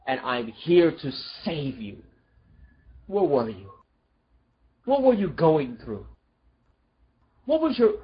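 A preacher delivering an emotional, pleading sermon full of rhetorical questions, dropping low and soft at tender moments. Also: highs cut off.

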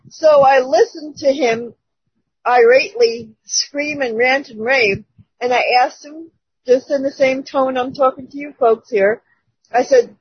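A woman's voice: high-pitched, unhurried, breathy edge, no room sound. A woman casually telling a personal testimony to her church group, chatty and laughing between phrases, over a dull lo-fi call. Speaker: church member giving a testimony.

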